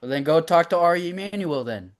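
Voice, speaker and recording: A man's voice: lively intonation, a little fast. Stubborn, teasing male podcast co-host. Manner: teasing, stubborn, dropping to a low mutter at line ends. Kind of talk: casual podcast banter.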